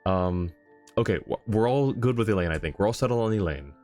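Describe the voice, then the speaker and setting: A man's voice: fairly low pitch, animated, fairly quick, a little mellow, faint music behind. A man streaming a game in casual chat, effusively thanking viewers and laughing often. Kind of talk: casual live-stream chat while gaming.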